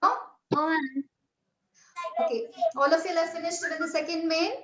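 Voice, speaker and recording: A woman's voice: very high voice, moderate pace, lo-fi sound. A woman teaching young pupils in a classroom, repeating instructions and spelling words out letter by letter. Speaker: primary school teacher. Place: classroom with a board. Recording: echoey room with loud background noise and clicks.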